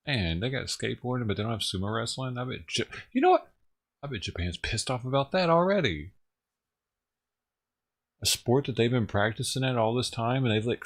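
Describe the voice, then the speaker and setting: A man ranting on his own livestream, talking casually and profanely, rambling and chuckling as he goes. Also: mid-range voice. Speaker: livestream streamer.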